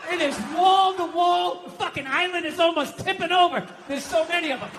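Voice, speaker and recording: A man's voice: very high-pitched, fairly quick, background noise. A middle-aged man doing a stand-up comedy set, telling profane, exasperated stories in a ranting way. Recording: live stage recording with hall reverb.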